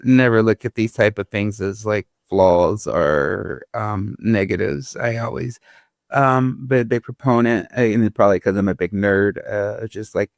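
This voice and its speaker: A man's voice: fairly low pitch, measured pace, creaky, no room sound, studio quality. A man in his forties talking in a laid-back, rambling way as an interview guest, often breaking into laughter. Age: 40s. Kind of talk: casual interview talk.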